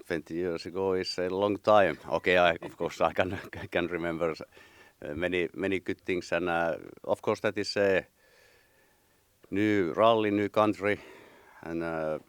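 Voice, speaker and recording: A Finnish man whose first language is not English, answering as a rally driver in halting speech, searching for his words. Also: deep voice, steady tone, clean tone, no room sound. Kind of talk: interview answer.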